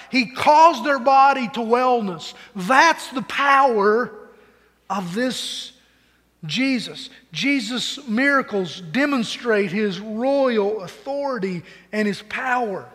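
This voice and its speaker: A man's voice: very high-pitched, fairly bright tone, big-room sound. A man preaching a sermon to his congregation in a conversational way, often repeating words as he starts a phrase. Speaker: pastor. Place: church sanctuary.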